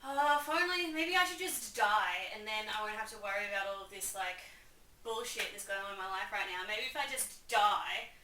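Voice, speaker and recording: A woman's voice: medium pitch, normal speed, reverberant, far from the mic, noisy background, lightly acted. A woman putting on a whiny, indecisive young prince who talks in modern slang, melodramatic and wavering. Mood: mopey.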